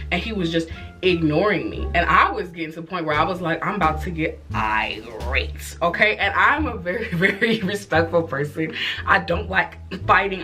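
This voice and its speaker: Animated woman telling a storytime tale. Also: fairly low pitch. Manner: animated, expressive storytelling with profanity and asides. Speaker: vlogger. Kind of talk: casual storytime.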